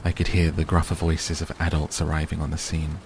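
Low gravelly guy reading a novel, steady, rain sounds behind. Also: fairly quick, noisy background. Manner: steady, first-person narration. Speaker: audiobook reader.

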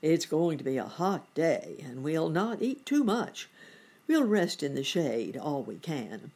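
A woman voicing a kindly, fussy old gentleman rabbit in a storybook reading. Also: low-pitched, very animated, a little slow, breathy edge, full character voice. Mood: fond.

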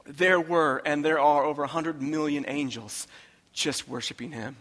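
A man preaching a sermon as pastor, impassioned, swinging from hushed tones to loud emphatic repetition. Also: a little high, fairly even intonation, moderate pace. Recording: long reverb of a large hall.

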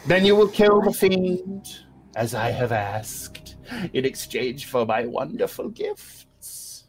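A man's voice: sing-song, takes it slowly, faint music behind. A man doing Baba Yaga, a sly old witch. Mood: bargaining. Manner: sly, bargaining, swooping pitch. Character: ancient scheming witch grandmother.

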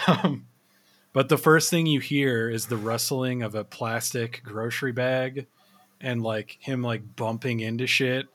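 A man's voice: medium pitch, fairly even intonation, a bit bright, a little hiss or hum. A man hosting a podcast, chatting casually and telling a story with lots of swearing and laughter. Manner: laughing, profane storytelling with quick impressions. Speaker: podcast host.

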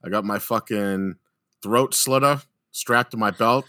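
A young adult man telling a story in casual, animated chat, swearing heavily and acting out what people said. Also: on the low side, unhurried. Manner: animated, heavy swearing, acts out quotes. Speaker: podcast co-host telling a story.

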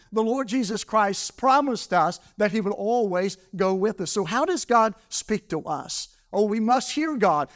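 Guy preaching a sermon in church, fairly high voice, says things over and over for emphasis. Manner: reads scripture slowly in old English. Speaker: pastor. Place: church service.

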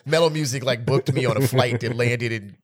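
A man's voice: medium pitch, brisk. A man, around his thirties, telling funny travel stories in a casual podcast chat, often laughing. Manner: animated, laughing storyteller. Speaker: podcast co-host.

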